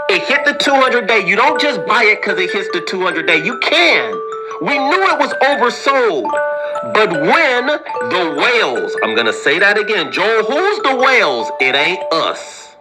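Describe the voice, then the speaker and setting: Lively teasing male market commentator. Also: sits high. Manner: joking, teasing, laughs often. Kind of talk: casual teasing market talk.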